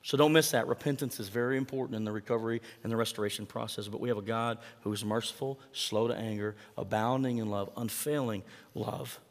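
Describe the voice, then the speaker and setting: A man's voice: lowish voice, quick pace. A man preaching a sermon as pastor, talking conversationally and asking the congregation questions. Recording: long hall reverb.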